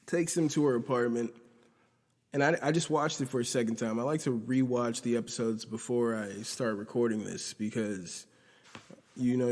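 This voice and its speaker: Rambling man recapping a show, roomy audio. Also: darkish tone. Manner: rambling, profane, retells scenes by quoting characters. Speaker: podcast host. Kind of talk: casual episode recap. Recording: roomy low-quality audio from video.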